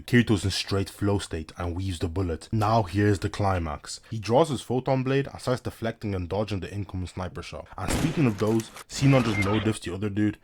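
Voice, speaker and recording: A young man with a fairly low voice cracking jokes through an anime recap. He talks in heavy slang, hyped and riffing on every scene. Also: darkish tone. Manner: slangy, hyped, joking asides. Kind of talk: comedic anime recap commentary.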